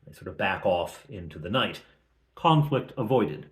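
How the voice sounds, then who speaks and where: A man's voice: deep voice, sing-song, moderate pace. A man recapping a tabletop game session as game master, talking conversationally and thinking aloud with frequent restarts.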